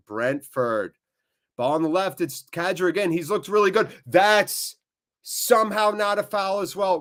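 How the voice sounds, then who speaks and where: A man hosting a live fan watchalong, giving emotional, excitable match commentary. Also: mid-range voice. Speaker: fan channel host.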